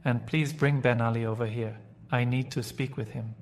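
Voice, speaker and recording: Kindly storybook doctor, soft and measured, unhurried, read by a man. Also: mid-range voice, fairly even intonation, slight background noise, lightly acted. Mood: calm. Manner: gentle, measured, polite. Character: kind calm male doctor, middle-aged.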